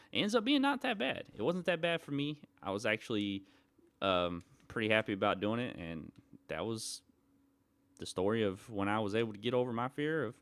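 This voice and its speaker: A man's voice: medium pitch, fairly bright tone, clear, resonant tone, dry recording. A young adult man casually telling a personal story to his channel, rambling and laughing often.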